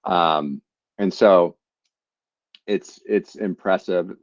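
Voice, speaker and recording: A man hosting a live online forum, moderating in a relaxed, conversational way. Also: low-pitched, very slow, no echo. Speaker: host. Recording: dry, lo-fi video call audio.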